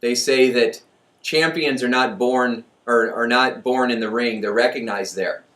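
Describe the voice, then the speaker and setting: An animated man speaks as a motivational speaker, chatty and quick to laugh at his own jokes. His mid-range voice rings in a roomy space and is picked up from some distance away. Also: mid-range voice. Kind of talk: motivational talk. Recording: echoey room, voice from far off.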